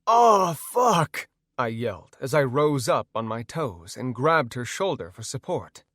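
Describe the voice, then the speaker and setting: A man narrating a first-person audiobook in an expressive, storytelling way. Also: medium pitch, moderate pace, no echo, clean studio sound.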